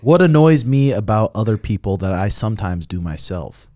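A man hosting a casual podcast chat, asking questions in a jokey, animated way. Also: lowish voice, moderate pace, dry recording. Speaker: podcast host.

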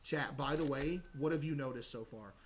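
A man's voice: normal speed, a crowd in the background. A man streaming a shop-management game, chatting playfully. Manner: playful, switches to a sugary high shopkeeper voice for customers. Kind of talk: gaming livestream commentary.

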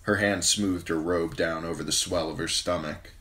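A man reading a fantasy novel aloud as an amateur audiobook narrator, steady and even. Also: low-pitched, normal speed, few pauses.

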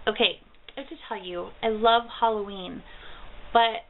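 Her mid-range voice is steady in tone and moves at normal speed as this woman in her thirties films a casual mail haul vlog at home. She's bubbly and easily delighted, gushing over a gift package, recorded through a built-in camera mic with tinny, lo-fi sound and a faint hiss.

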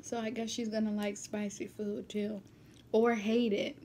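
A woman vlogger chatting casually while she eats, sometimes dropping into a soft whisper, recorded on a built-in camera mic. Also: medium pitch, flat delivery, unhurried, slight background noise. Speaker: mukbang vlogger. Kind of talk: casual chat while eating.

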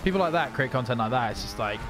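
A man's voice: medium pitch, expressive, fast talker, over music. A man co-hosting a gaming stream in casual, opinionated chat. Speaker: gaming channel co-host. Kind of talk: casual chat over gameplay.

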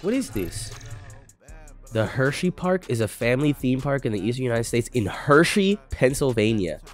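A man's voice: medium pitch, big pitch swings, brisk, faint music behind. A young man in his twenties chatting on a livestream, laid-back and swearing a lot as he reacts to chat. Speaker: streamer.

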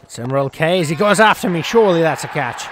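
A gaming YouTuber delivers casual, exasperated commentary, swearing and cracking jokes in a fairly high, expressive voice at a quick pace. Loud game crowd noise and ambience fill the background.

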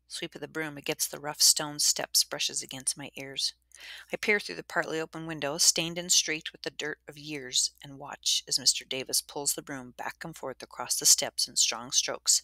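A woman narrating a storybook in the first person, gentle and measured, whispering the soft sound words. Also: low voice, fairly even intonation, no echo. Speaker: audiobook narrator.

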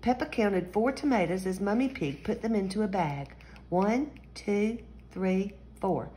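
Animated woman reading a kids' story. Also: medium pitch, measured pace, a little hiss or hum. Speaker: storyteller host. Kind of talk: children's story read-aloud.

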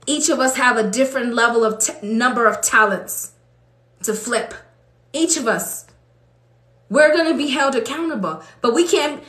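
A woman preaching with emotion, building to fervent, high-pitched exclamations as she speaks to her listeners. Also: a bit bright, reverberant. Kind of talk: impassioned preaching.

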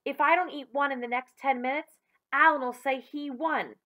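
A woman's voice: sits high, unhurried, pushed and bright, pitched above the performer's own voice. Woman doing a frantic young schoolboy. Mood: urgent. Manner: breathless, urgent, exclaiming.

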